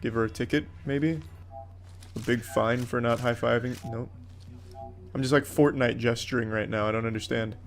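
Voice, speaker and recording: A man's voice: medium pitch, steady tone, moderate pace, faint music behind. A man giving comedic gameplay commentary in a crude, sarcastic, mock-heroic way. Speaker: gaming commentator.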